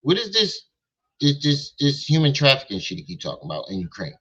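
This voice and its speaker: A man's voice: fairly high pitch, huge pitch swings, a little fast, bright, forceful tone, breathy edge, dull audio. A man hosting a reaction stream who mocks and questions what he hears in disbelief. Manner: mocking, incredulous, repetitive questions. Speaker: reaction channel host. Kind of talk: mocking reaction commentary.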